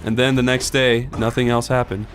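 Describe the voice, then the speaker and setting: A man telling a story in casual gaming chat, deadpan, acting out the people in it. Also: mid-range voice, normal speed, over music. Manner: deadpan storyteller, acts out quoted voices. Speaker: let's play co-host.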